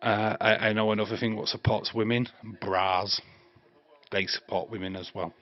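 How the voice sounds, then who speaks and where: A man's voice: lowish voice, level tone, normal speed. A man, hosting a live stream with crude jokes, rambling chat and frequent laughter. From England. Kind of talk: casual live watch-along chat. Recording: dry, slightly dull stream mic.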